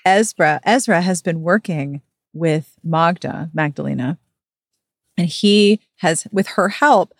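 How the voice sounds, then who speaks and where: A woman's voice: on the low side, slow, no room sound, studio quality. A woman co-hosting a podcast, summing up a book's plot in casual chat with wry, blunt asides. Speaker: podcast co-host. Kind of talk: casual book recap chat.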